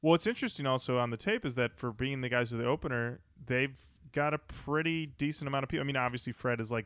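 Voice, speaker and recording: A man's voice: mid-range voice, fast, vocal fry, fairly bright tone, smooth, no echo, studio quality. Man rambling in casual podcast chat. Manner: rambling, thinks aloud with self-corrections. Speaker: podcast co-host. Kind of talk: casual chat about music.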